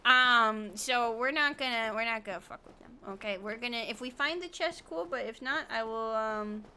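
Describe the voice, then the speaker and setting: Bubbly high-voiced woman streamer. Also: normal speed, bright, forceful tone, a little hiss or hum. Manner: giggly, chatty, swears playfully. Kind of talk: casual gaming commentary.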